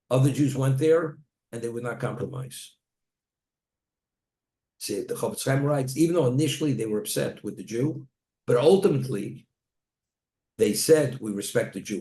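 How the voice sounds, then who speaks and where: Rabbi giving a Torah lecture, echoey room. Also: male voice, medium pitch, a little mellow. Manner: storytelling, Hebrew terms woven into plain talk. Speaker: rabbi teaching a Torah class.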